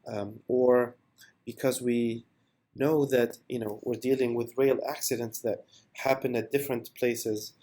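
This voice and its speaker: A man presenting a software product demo in an unscripted voice-over, enthusiastic and with many fillers. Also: mid-range voice, fairly even intonation, unhurried.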